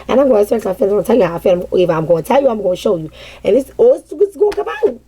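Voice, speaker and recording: A woman's voice: on the high side, big pitch swings, rapid-fire, mellow, husky. A woman giving a casual vent session to her viewers as a tarot reader, dramatic and profane, often breaking into laughter.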